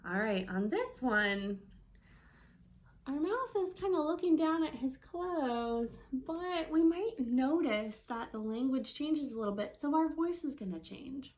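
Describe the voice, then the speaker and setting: A woman speech-language pathologist teaching parents with a children's book, animated and encouraging, often asking questions. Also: high-pitched, a little slow.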